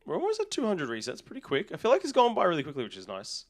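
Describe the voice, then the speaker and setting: A man's voice: fairly high pitch, huge pitch swings, rapid-fire. Tired aussie streamer guy rambling to chat, faint game music behind. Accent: Australian. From Australia. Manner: rambling, chatty, talks to chat while resetting a game. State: tired, yawning. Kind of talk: casual live-stream chat.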